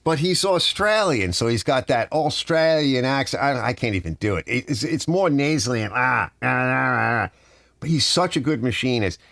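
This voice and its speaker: Animated middle-aged man ranting. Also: mid-range voice, moderate pace, few pauses, no room sound. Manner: rambling, ranting, reading out chat. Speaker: host of a live garage stream. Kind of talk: casual live-stream chat with viewers. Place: home garage.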